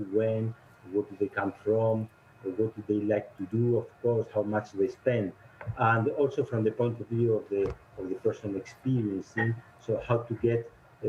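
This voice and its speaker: A man whose first language is Spanish, an advisor on a video call, speaking haltingly and searching for words. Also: lowish voice, a little hiss or hum. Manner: hesitant, searching for words with many fillers. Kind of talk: online panel discussion. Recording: muffled video call line.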